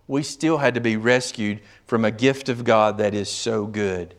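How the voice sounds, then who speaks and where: A man's voice: fairly low pitch, measured pace. A man preaching a sermon as pastor, emphatic, reading scripture verses aloud and explaining them. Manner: emphatic, rising and falling in volume.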